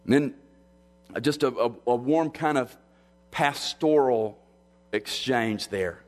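A man preaching in a church sanctuary, his voice trailing off into a long echoing reverb. He speaks in a measured, earnest way at a middling pitch, circling back and restarting phrases as he works through the text. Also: darkish tone. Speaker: pastor. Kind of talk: expository sermon.

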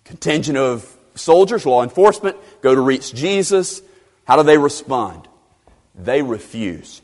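A male preacher in mid-sermon, emphatic and animated, who repeats key phrases for stress. His medium-pitched voice moves up and down a lot. A long reverb trails each line, as in a large hall. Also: measured pace. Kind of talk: expository sermon.

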